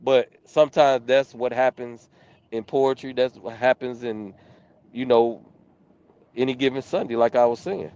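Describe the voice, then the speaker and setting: A man's voice: mid-range voice, a little slow, a little mellow, clear, resonant tone, dull audio. A man judging poetry, explaining his scores in a casual, hesitant way while he searches for words. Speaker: judge. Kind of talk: casual chat.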